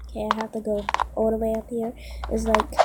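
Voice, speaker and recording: A woman giving excitable, casual commentary while playing a game, exclaiming and muttering to herself, recorded on a phone. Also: fairly high pitch, fairly quick, heavy background noise. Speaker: gameplay commentator. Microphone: phone microphone via screen recorder.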